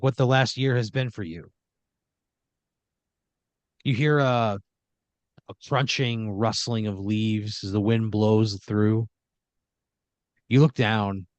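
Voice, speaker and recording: A man's voice: fairly low pitch, darkish tone, dry recording. Man improvising horror comedy, dry sound. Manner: second-person narration with frequent "like" fillers. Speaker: podcast host, storyteller.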